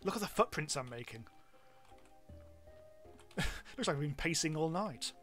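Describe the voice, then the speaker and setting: A British man commentating a game stream in a loose, rambling, self-mocking way. His voice sits a touch higher than most men's. Faint game music plays quietly behind him. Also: animated, measured pace. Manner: chatty, rambling, self-mocking with frequent ums. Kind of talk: live gameplay commentary.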